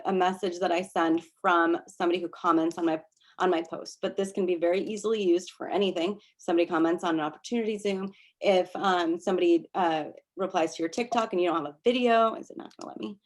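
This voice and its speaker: A woman presenting a casual workshop over a video call, laughing often and restarting her sentences as she coaches. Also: lowish voice. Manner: chatty, laughing, many restarts.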